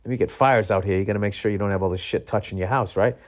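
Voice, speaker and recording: A middle-aged man talks on his podcast in a low voice, tired and yawning. He rambles through comic stories, swears freely and now and then mimics other voices. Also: fast talker. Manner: profane, rambling, animated storytelling with mimicked voices. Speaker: podcast host. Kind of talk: casual comedic monologue.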